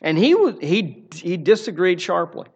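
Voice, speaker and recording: A man's voice: high-pitched, very animated, normal speed, breathy edge, muffled recording. A man preaching a sermon in an earnest, emphatic way, often repeating phrases for emphasis. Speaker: pastor.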